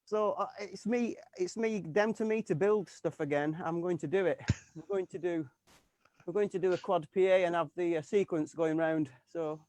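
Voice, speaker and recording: A male keyboardist talks casually and haltingly, often restarting his sentences. His voice sits a little high. The sound is dry and close. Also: a little mellow, dry recording. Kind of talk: casual chat.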